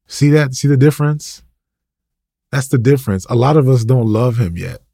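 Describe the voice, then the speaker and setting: A man's voice: medium pitch, expressive, normal speed, creaky, warm tone, husky, dry recording, studio quality. A man preaching an impassioned, ranting sermon, full of repetition and rhetorical questions.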